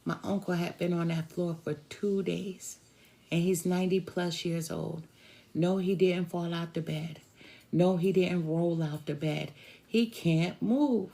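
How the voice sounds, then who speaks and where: A woman tarot reader telling a personal story to her viewers in a slow, drawn-out conversational way, with sighs. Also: lowish voice, little pitch movement, creaky, dark tone.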